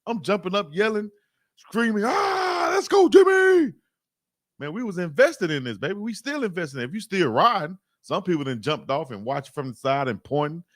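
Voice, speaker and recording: A man's voice: fairly high pitch, lively intonation, fairly quick, hardly any pauses, a bit bright, no echo, studio quality. A man in his forties hosting a live sports stream, talking casually and emphatically in slangy commentary that keeps repeating itself.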